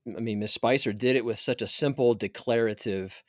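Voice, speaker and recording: Man, podcast host, soft-spoken, encouraging, dry close sound. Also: medium pitch, moderate pace, dry recording. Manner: soft-spoken, encouraging, frequent short affirmations. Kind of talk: interviewing, attentive backchannel.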